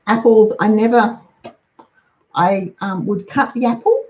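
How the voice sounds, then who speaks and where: A woman's voice: medium pitch, measured pace, warm tone, muffled recording. A middle-aged woman chatting casually as a host, running through practical lists of lunchbox ideas. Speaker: host giving lunchbox tips. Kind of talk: casual how-to talk.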